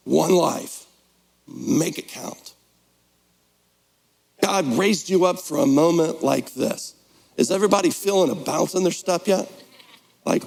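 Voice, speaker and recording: Pastor guy preaching casual and joky, kinda high voice, echoey church hall. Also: gravelly, darkish tone. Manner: conversational, playful preaching with mock voices. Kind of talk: sermon. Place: church sanctuary.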